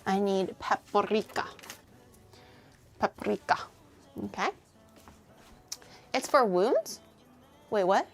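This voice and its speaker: A woman's voice: mid-range voice, lively intonation, slow pace, long pauses, soft background music. A young woman cooking on a livestream, chatting casually with her viewers, teasing them, swearing and laughing often. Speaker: cooking streamer.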